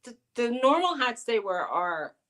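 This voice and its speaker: Lively high-voiced woman chatting. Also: measured pace. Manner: animated, slips into high baby talk to coax her pet. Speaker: co-host of a live chat show. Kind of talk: casual chat.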